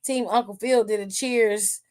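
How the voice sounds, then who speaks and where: A woman's voice: medium pitch, fairly even intonation, measured pace, a little mellow. A woman hosting a wrestling aftershow stream, talking in a sassy, profane, casual way and laughing often.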